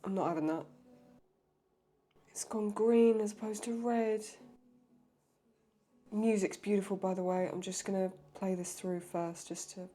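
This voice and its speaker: A woman's voice: medium pitch, monotone, a little slow, dark tone. A young adult woman with a cold, reacting to a TV episode in emotional, exclamatory commentary with frequent swearing. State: sick with a cold. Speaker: reaction video host.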